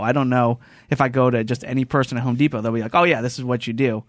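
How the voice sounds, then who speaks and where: A man's voice: mid-range voice, rapid-fire, no room sound, studio quality. A man hosting a casual podcast chat, telling stories animatedly and acting out the voices of the people in them. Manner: animated storyteller, acts out quotes. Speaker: podcast host. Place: podcast studio.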